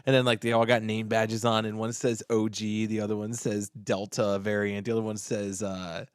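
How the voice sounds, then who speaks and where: Man, podcast co-host, animated, laughing, dry recording. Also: on the low side, moderate pace, clean tone, no echo. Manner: animated storyteller, acts out bits with laughter. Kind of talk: casual chat.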